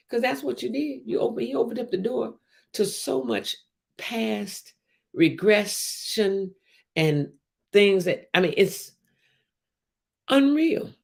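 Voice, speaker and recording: A woman hosting a casual livestream, talking emphatically with many restarts and repetitions and reading out viewer comments. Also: low-pitched. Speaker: host of a livestream show.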